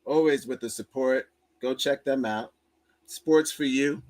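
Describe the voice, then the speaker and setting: A man's voice: medium pitch, measured pace, darkish tone. A man hosting a livestream, reacting in a casual, profane and joking way. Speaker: streamer host.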